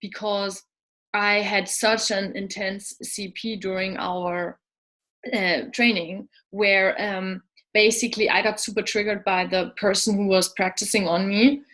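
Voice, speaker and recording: Effusive woman with flat intonation. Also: medium pitch, unhurried. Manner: effusive, emotional sharing. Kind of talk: casual interview talk.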